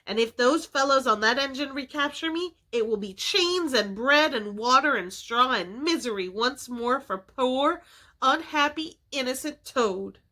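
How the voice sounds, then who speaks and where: A woman voicing a boastful, panicky male toad gentleman who pleads and pities himself in a storybook reading. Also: fairly high pitch. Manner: pleading, self-pitying.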